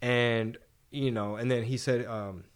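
A man's voice: medium pitch, unhurried, clear, resonant tone. Profane, rambling male podcast host. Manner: rambling, profane, animated storytelling. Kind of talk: casual podcast chat.

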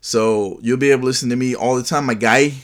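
A man's voice: mid-range voice, fairly even intonation, quick pace. A man hosting his own solo podcast, chatting casually in a joking, rambling way. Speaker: podcast host.

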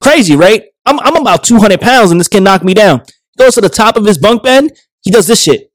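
A man hosting a podcast, telling stories in casual, profane, animated chat. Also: high voice, a little fast, no echo. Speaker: podcast host.

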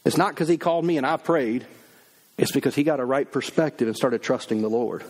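A man's voice: mid-range voice, brisk, a little mellow. A middle-aged man preaching a sermon, emphatic, acting out the voices of people he quotes. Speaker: pastor.

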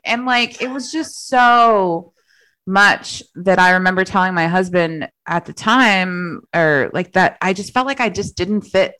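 A woman's voice: fairly low pitch, measured pace, a bit bright, clean tone, low-quality recording. Chatty woman telling rambling stories. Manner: rambling, self-deprecating, filler-heavy storytelling with frequent laughs. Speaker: podcast guest. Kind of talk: casual chat.

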